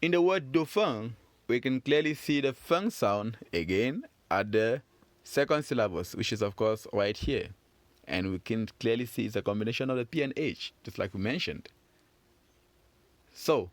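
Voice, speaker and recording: A man teaching children French phonics, patient and encouraging as he repeats each sound. He speaks slowly with a very lively, rising-and-falling pitch. The recording is dry and close. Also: dry recording. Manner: slow, patient, encouraging, drawn-out repetitions.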